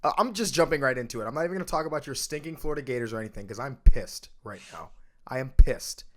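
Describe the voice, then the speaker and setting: A man hosting a casual sports podcast, ranting emphatically and swinging between loud outbursts and low mutters. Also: animated, quick pace. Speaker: podcast host.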